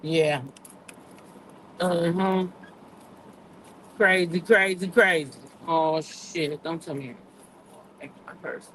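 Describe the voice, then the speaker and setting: A woman's voice: lowish voice, fairly even intonation, slow pace, pauses often, fairly bright tone, slight background noise. An older woman hosting a casual gossip livestream, chatty and blunt, swearing freely, repeating points for emphasis and talking straight to her viewers. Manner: talks directly to live chat viewers. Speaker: gossip show host.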